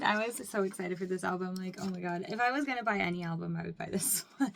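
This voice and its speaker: A young woman from Mississippi chatting through an excited unboxing, gushing, laughing often and filling with "like". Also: mid-range voice, fast, creaky, hardly any pauses, a little hiss or hum. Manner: gushing, squeals and laughs often, says "like" a lot. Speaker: vlogger. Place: home room with window.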